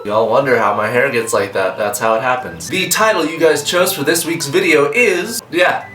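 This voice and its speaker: A man's voice: mid-range voice, normal speed, a bit bright, echoey room, faint music behind. A young man hosting a casual comedic vlog, answering fan questions with goofy, sarcastic jokes.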